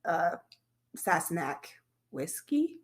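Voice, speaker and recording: A woman's voice: on the low side, big pitch swings, slow pace. A woman co-hosting a casual podcast at a table with friends, explaining things in a matter-of-fact way. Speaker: podcast co-host. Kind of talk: casual chat. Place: room shared with friends at a table.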